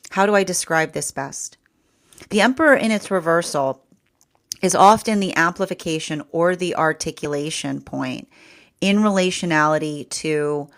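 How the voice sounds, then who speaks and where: Low-pitched lady doing a rambly tarot reading, lots of um and like. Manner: rambling, repeats words, many fillers. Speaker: tarot reader.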